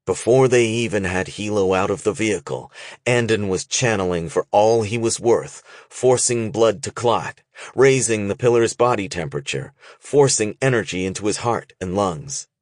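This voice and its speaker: This is scripted audiobook narration by a man whose voice sits on the low side. He reads in a measured, expressive way, recorded dry at studio quality.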